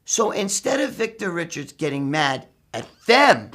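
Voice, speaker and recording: Husky, high-voiced New man swearing. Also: measured pace. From New York. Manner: swears constantly, rambling, animated. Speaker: storyteller. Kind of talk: profane casual storytelling.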